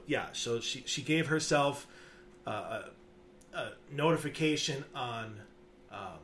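A man co-hosting a podcast, talking casually in a halting way with many restarts and fillers. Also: mid-range voice, fairly bright tone. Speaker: podcast co-host. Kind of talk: casual chat.

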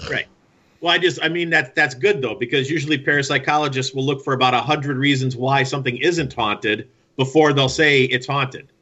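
Male interviewer with a bright, tense voice, slightly muffled lo-fi sound. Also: mid-range voice, fairly even intonation, a little fast. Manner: brief responsive interjections and follow-up questions. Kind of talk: casual interview chat. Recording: dull, lo-fi audio.

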